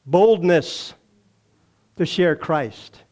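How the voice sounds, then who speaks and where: A man's voice: fairly high pitch, lively intonation, drawn-out words, a little mellow. An older man with a Texan accent preaching a sermon, telling stories in a folksy way and acting out the voices he quotes. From Texas. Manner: folksy storytelling, acts out quoted voices, laughs often. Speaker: pastor.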